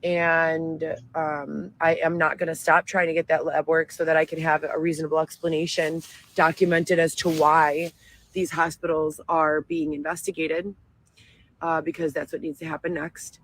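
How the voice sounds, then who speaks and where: A woman's voice: deep voice, little pitch movement, moderate pace, a little hiss or hum, rough recording. A woman talking in a wandering, emotional and self-righteous way, in a clip played back. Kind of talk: rambling monologue. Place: outdoors, living in a tent.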